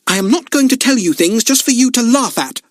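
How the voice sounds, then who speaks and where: A man voicing a harsh, loud, superstitious woman in an audiobook, full of ominous warnings. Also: extremely high pitch, animated, brisk, dry recording, studio quality, voice pushed up. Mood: indignant. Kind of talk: audiobook character voice.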